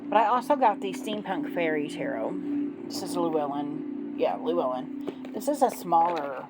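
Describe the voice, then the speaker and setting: A woman's voice: fairly low pitch, lively intonation, moderate pace, loud music behind the voice, rough recording. A woman chatting casually in a vlog, showing her tarot decks and gushing over them, sleepy and yawning. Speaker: tarot deck reviewer.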